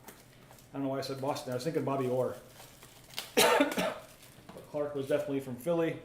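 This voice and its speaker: A man's voice: mid-range voice, fairly even intonation, a little fast. A man hosting a live card break, chatting casually while opening packs and reading out viewer comments. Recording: roomy echo, faint ambient noise.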